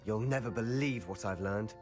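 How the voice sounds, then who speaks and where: A man voicing an eager young male student wizard in a video game, excited to share news. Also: fairly low pitch, normal speed, music in the background, lightly acted.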